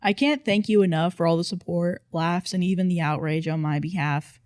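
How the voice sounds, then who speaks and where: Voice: mid-range voice, normal speed, a little mellow, no echo. A narrator reading online posts aloud in casual storytime style, with dry, playful emphasis.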